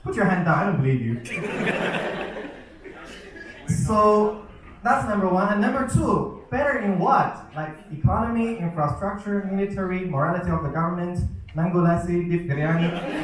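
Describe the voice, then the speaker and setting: A young man performs stand-up before a live audience, telling stories from teaching and slipping into his students' voices. His voice sits a little high, and it rings through an echoey hall, picked up from some distance away. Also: lively intonation, moderate pace, background noise. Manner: storytelling with acted-out student voices. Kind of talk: stand-up comedy set.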